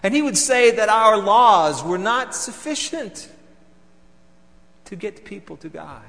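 A man performing a theatrical monologue as a bitter, vengeful temple council elder, moving between loud outbursts and hushed, seething lines. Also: sits high, lively intonation, takes it slowly, gravelly, long reverb tail, full character voice. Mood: indignant, vengeful.

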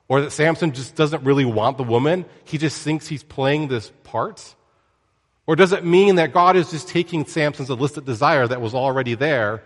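Man teaching scripture in a reverberant room. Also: fairly high pitch. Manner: conversational and joking, with lively asides. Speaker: Bible teacher. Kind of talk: casual Bible lesson.

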